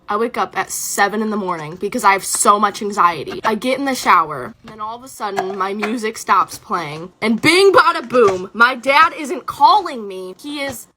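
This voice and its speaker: A woman's voice: mid-range voice, noisy background. A teenage girl telling a storytime about her own life in a casual, rambling way, full of fillers and self-conscious asides. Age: teens.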